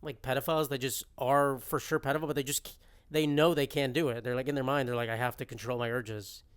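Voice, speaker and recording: Young man, podcast host, casual rant, smooth, mid-pitched, exaggerated and jokey. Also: steady tone, fast. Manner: rambling, jokey, exaggerated rants. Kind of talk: casual solo podcast monologue.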